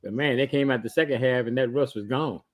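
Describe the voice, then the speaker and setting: Halting man talking sports trash. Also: mid-range voice. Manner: trash-talking, halting speech with many restarts. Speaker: podcast co-host. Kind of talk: casual sports chat.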